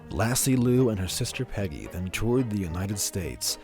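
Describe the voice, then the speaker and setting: A man reading documentary narration in an even, measured way. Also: lowish voice, soft background music. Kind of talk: scripted narration.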